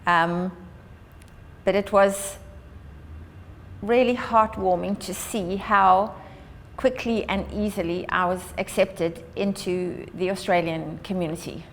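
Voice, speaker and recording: Woman, mid-pitch, earnest upbeat speech, reverberant hall. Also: steady tone, takes it slowly, long pauses, slight background noise. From South Africa. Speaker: Australia Day ambassador. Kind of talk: prepared public address.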